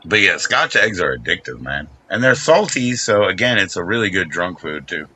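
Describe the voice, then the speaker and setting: Lively crude-talking male streamer. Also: low-pitched, normal speed, slight background noise. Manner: rambling, crude, laughs and sing-song teasing of chat. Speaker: live streamer. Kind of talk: casual live-stream chat.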